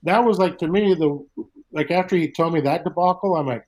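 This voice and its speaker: A middle-aged man on a comedy chat show, spinning loose, meandering road stories full of swearing and acted-out lines. His voice sits fairly high for a man. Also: brisk, a little mellow, poor audio. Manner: rambling storyteller, swears freely, acts out quotes. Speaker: guest comedian. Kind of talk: casual chat.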